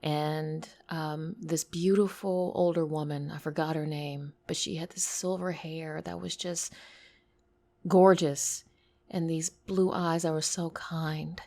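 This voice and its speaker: A woman with a lisp telling a personal story, intimate and tearful, slipping into whispers and bursting louder. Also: deep voice, fairly even intonation, slow.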